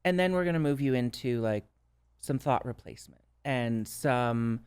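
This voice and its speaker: A man with a Minnesota accent talks through his own story as a podcast guest. His voice is smooth and clear at a middling pitch, and he keeps it earnest and reflective, often tagging his thoughts with a quick "right?". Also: animated, a little mellow. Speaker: guest, substance use counselor. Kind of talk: casual podcast conversation.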